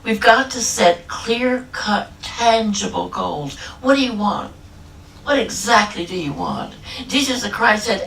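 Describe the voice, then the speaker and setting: A woman's voice: medium pitch, measured pace, gravelly, fairly bright tone, slight background noise. A woman minister giving a humorous, emphatic sermon and drawing out key phrases, recorded in an echoey church hall from a distance. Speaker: guest minister.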